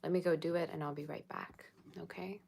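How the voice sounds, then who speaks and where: A woman's voice: low voice, steady tone, a little fast, creaky, darkish tone, a little hiss or hum. A woman tarot reader chatting casually on a livestream, rambling and talking straight to her viewers.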